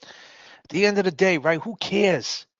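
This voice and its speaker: A man's voice: sits high, unhurried, a bit bright, dull audio. A man hosting a podcast, ranting at critics in a combative, profane, mocking way. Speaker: podcast host. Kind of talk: ranting talk-show monologue.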